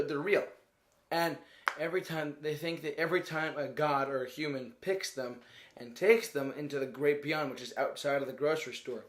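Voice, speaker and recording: A man giving a casual, rambling movie review, often stopping to search for words and laughing as he goes. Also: mid-range voice. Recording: roomy echo.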